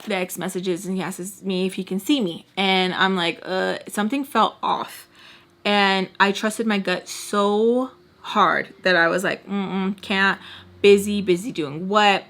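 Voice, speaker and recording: Young woman storyteller, candid, filler-heavy chat, mid-pitched, blunt and animated. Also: a little slow. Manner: chatty and candid, heavy use of "like"; animated retelling, swearing freely. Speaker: storytime vlogger.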